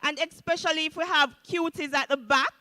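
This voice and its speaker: A high-pitched woman emcees a live recitation contest, her bright voice ringing through a hall with a long reverb tail. She speaks at an unhurried pace and keeps calling on the audience to cheer. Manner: upbeat, calls on the audience to cheer. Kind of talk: live event announcing.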